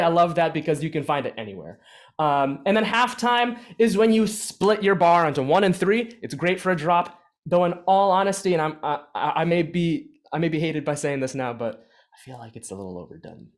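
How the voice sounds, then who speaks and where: Energetic, chatty man teaching beatboxing. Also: sits high, moderate pace. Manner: energetic and chatty, with many fillers and restarts. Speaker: beatboxing workshop instructor. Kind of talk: casual teaching. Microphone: own microphone with adjustable gain.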